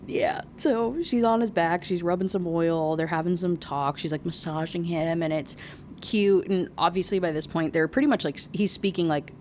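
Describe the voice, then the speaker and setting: A woman book reviewer casually recapping and reading aloud from a novel, chatty and quick to laugh and swear. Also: lowish voice, a little mellow, slight background noise.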